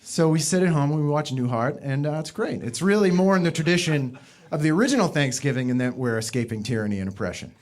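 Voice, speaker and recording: Young comic from the Boston area, deadpan-ironic, lively pitch. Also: male voice, fast talker, a little hiss or hum. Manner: dry, ironic delivery with mocking high voices for quoted people. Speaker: stand-up comedian. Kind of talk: stand-up routine.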